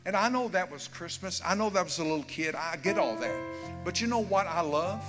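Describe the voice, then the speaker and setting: A man's voice: high-pitched, expressive, normal speed, a bit bright. A man, preaching a fervent sermon and pressing the congregation with repeated questions. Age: 70s. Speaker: pastor. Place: church sanctuary. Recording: long hall reverb, faint music.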